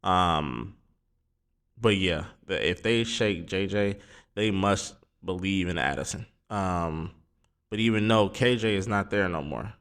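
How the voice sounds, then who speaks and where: A man's voice: deep voice, slow, a bit bright. A man hosting a solo sports podcast, talking casually and rambling with lots of filler words. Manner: rambling, filler-heavy, informal.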